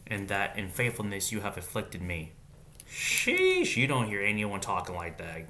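A man's voice: deep voice, steady tone, normal speed, bright, forceful tone, a little hiss or hum. A man reading Bible verses aloud in a casual way, breaking off now and then with slangy comments of his own.

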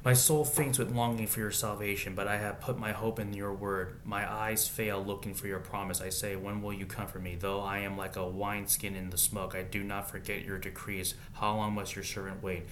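A man with a fairly low voice reads scripture aloud in a relaxed, casual way. He stops between verses to add quick, slangy asides before going back to the text. A faint low rumble runs behind him. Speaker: Bible reader and commentator. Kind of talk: casual Bible reading with commentary.

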